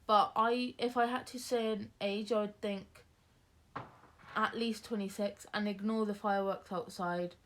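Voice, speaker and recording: A woman's voice: medium pitch, steady tone, a little slow, a bit bright, a little hiss or hum. A young woman, chatting casually through a Q&A, rambling with lots of fillers and restarts. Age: young adult. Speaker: vlogger. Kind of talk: casual Q&A chat.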